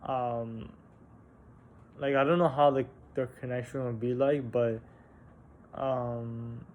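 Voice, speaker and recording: A young man casually telling a personal story on a vlog, halting and candid, with frequent restarts, fillers and casual swearing. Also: medium pitch, fairly even intonation, phone-quality sound. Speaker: vlogger.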